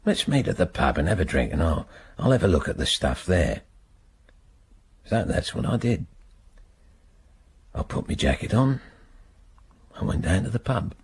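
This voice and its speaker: An actor playing a British older man freed after many years in prison, telling his story in a halting, bitter way with a husky voice in a radio drama. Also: sits low, sing-song, a little mellow, full character voice. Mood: recalling. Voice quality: gravelly, husky.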